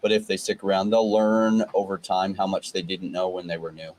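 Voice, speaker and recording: A man's voice: deep voice, flat delivery, brisk, a little mellow, a little hiss or hum, poor audio. Confident lecturing male host. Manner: confident, lecturing, talks at length. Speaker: crypto show host. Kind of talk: casual livestream commentary.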